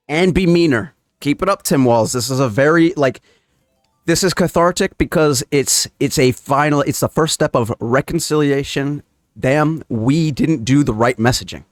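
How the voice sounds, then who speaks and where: A man's voice: on the high side, lively intonation, moderate pace, no room sound, studio quality. A man giving a heated, profane reaction commentary on political clips, ranting in a casual way.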